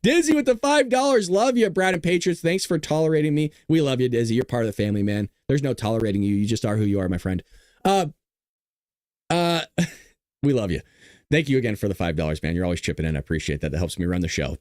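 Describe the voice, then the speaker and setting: Man, political commentary host, rambling, crude, very lively pitch, dry close mic. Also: fast, no echo. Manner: excitable, crude, rambling, with self-amused laughs. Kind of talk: casual commentary livestream.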